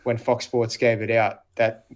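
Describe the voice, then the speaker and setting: A man's voice: medium pitch, level tone, a little slow. A man co-hosting a casual live football chat, matter-of-fact and teasing, explaining old fantasy rules. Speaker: podcast co-host.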